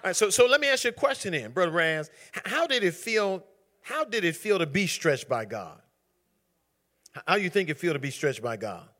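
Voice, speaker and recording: A man's voice: high voice, very animated, fairly quick, sharp tone. A man leading an interactive Bible study, calling on members by name in a conversational, emphatic way. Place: church group gathering.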